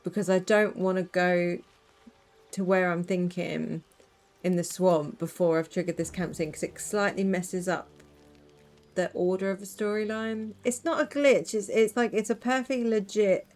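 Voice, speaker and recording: A woman's voice: lowish voice, fairly even intonation, moderate pace, a little mellow, faint music behind. A woman streaming a game, chatting casually with rambling asides and giggles. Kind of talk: casual let's-play commentary.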